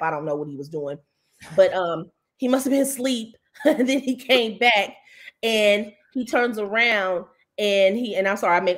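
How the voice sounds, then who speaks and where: Animated woman telling a story. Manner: animated storytelling, jumps higher when quoting others; indignant, mocking. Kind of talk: casual talk-show chat.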